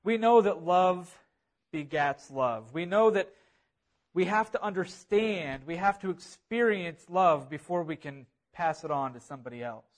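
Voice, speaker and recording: A man delivers a sermon in an earnest, driving way, repeating key phrases to build emphasis. His voice sits notably high for a man. He sounds like a pastor speaking to his congregation. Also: measured pace. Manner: earnest, repetitive preaching with rising emphasis.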